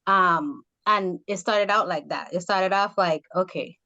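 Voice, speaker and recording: A woman from the Caribbean with a Caribbean accent, hosting a casual interview and telling stories in an animated way, laughing often. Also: on the low side, measured pace, lo-fi sound. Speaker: host.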